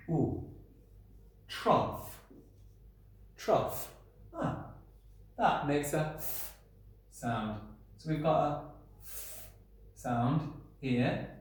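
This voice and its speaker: A male primary school teacher giving a recorded lesson, playful and sounding out letters slowly. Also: mid-range voice, a little mellow. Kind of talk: recorded home-learning lesson. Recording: very echoey room.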